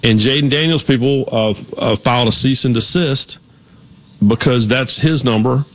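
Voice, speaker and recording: A man's voice: mid-range voice, normal speed. Guy on a sports show, chatty and rambly, laughs a lot, studio sound. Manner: rambling storyteller, laughs easily. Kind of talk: casual sports talk.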